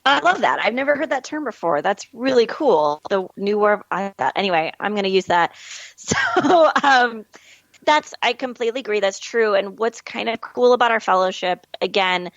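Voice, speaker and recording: A woman guest on a podcast, speaking in an animated, candid way and laughing easily. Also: medium pitch, moderate pace, gravelly, dry recording. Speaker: guest, film distribution manager. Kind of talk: casual interview chat. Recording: dull lo-fi call audio.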